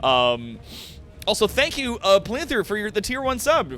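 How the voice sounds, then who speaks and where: A young man narrating a tabletop game as game master with a bright, somewhat high voice. He talks casually, swears a lot and trips over fillers, with faint music underneath. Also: wildly swooping pitch, normal speed.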